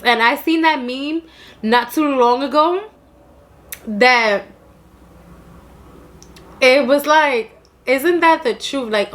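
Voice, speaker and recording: A young woman with a New York accent chats casually on her eating show, loud and animated, breaking into laughter as she talks. Her voice sits high for a woman. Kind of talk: casual chat while eating.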